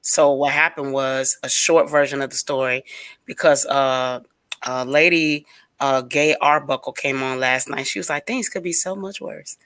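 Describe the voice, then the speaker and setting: A woman on a radio talk show, telling a long story in casual chat, rambling and animated with plenty of fillers. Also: extremely low pitch, unhurried, clear, resonant tone, dry recording.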